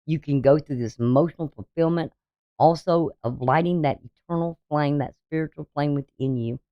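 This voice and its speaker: A woman's voice: sits low, normal speed, no room sound, lo-fi sound. A woman astrologer giving a forecast in an emphatic, preachy way, firing off rhetorical questions at her viewers. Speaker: astrologer and tarot reader.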